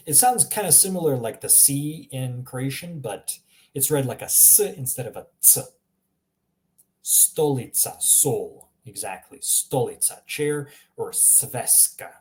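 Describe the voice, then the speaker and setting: A relaxed man with a mid-range voice teaches pronunciation in a casual live language lesson. He is chatty, laughs often, and reacts to viewers' examples.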